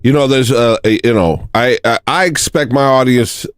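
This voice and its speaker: A man's voice: medium pitch, moderate pace, clear, resonant tone, dry recording. A man hosting a comedic livestream, talking in a rambling, joking, self-mocking monologue. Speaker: livestream host.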